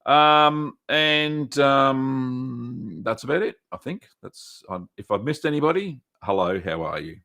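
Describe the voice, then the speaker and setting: An Australian-accented man hosts a casual livestream, greeting viewers by name and dropping in lots of "um" and "uh." His mid-range voice is expressive, slow, creaky, pushed, and bright, and his manner is chatty.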